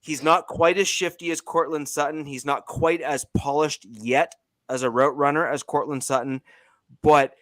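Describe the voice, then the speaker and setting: A man's voice: on the high side, steady tone, moderate pace, fairly bright tone, dry recording. A man with a Canadian accent, co-hosting a casual sports chat and talking with many fillers and restarts. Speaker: podcast co-host.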